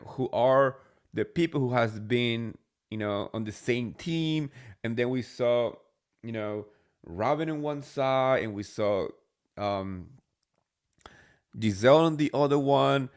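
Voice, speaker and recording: A man hosting a casual recap show, chatty and sarcastic, talking with many fillers. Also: medium pitch. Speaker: podcast host.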